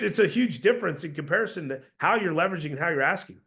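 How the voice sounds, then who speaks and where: A man's voice: fairly high pitch, animated, racing, few pauses, bright, forceful tone. A man coaching door-to-door salespeople, emphatic and confident, often repeating words as he starts a sentence. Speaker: sales trainer.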